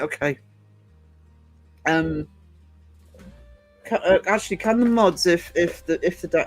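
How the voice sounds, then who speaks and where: A man hosting a casual livestream, rambling through viewer comments with lots of ums and restarts. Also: on the high side. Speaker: livestream host and small publisher.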